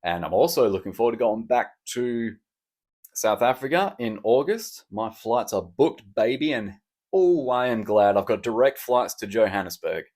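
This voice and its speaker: A man's voice: on the low side, animated, normal speed, darkish tone. A man hosting a solo podcast, chatting in a rambling, cheeky, self-mocking way. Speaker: podcast host. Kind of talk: casual solo podcast chat.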